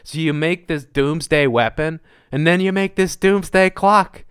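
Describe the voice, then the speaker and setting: A man's voice: high-pitched, moderate pace, a bit bright, clean tone. A man hosting his own podcast, delivering a sarcastic, mocking opinion monologue and laughing at his own jokes. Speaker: podcast host.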